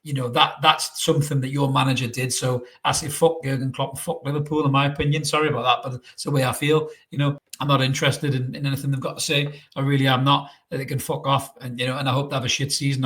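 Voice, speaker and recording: A man's voice: medium pitch, a bit bright. A man ranting to camera as a football fan vlogger, frustrated and blunt, swearing freely and hammering his points with repetition. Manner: repetitive and emphatic. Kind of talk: solo opinion rant to camera.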